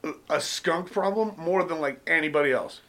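A man's voice: fairly high pitch, moderate pace, a loud crowd. A young man hosting a podcast in a laid-back, joking chat, swearing freely and laughing often. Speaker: podcast host. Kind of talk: casual chat.

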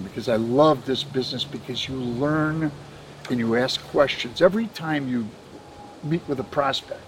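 An older man recalls his early years in the benefits business in a relaxed, anecdotal way, slipping into the voices of people he met. His voice sits at an ordinary middle pitch. A faint hiss of background noise runs under the recording. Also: low-quality recording. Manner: anecdotal, chuckles often, quotes others in dialogue. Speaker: benefits administrator telling his career story. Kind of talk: casual storytelling interview.

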